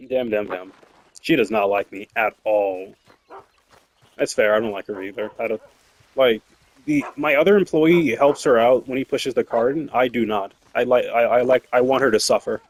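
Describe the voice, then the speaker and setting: A young man telling work stories in a casual, rambling way, swearing and laughing often. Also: mid-range voice. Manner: rambling, profane, laughs often, many fillers. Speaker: streamer. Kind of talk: casual storytelling while gaming.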